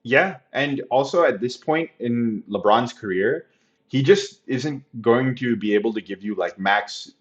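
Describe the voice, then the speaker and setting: A man's voice: mid-range voice, unhurried. A man hosting a casual podcast, talking loosely and saying "like" and "uh" a lot. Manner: relaxed, filler-heavy, "like" and "uh" often. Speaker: podcast host. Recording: dull lo-fi recording.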